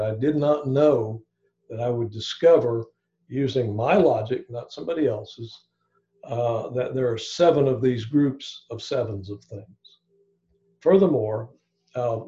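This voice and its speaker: A man's voice: medium pitch, warm tone, muffled recording. A man giving an informal evening Bible study, thinking aloud with frequent restarts and asides.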